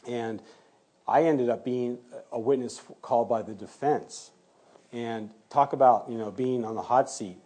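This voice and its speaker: Guy with a low mellow husky voice telling a story in an interview, acts out the quotes. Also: a little slow. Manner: animated retelling, acting out quoted exchanges. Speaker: forensic DNA criminalist.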